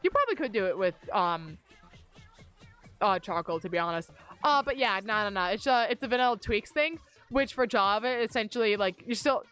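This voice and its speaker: A woman's voice: mid-range voice, animated, brisk, a bit bright, clean tone, soft background music. A young woman chatting casually and rambling on a gaming livestream from her upstairs bedroom, speaking into a desk mic on a mic arm. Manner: rambling, self-deprecating, chatty. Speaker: streamer.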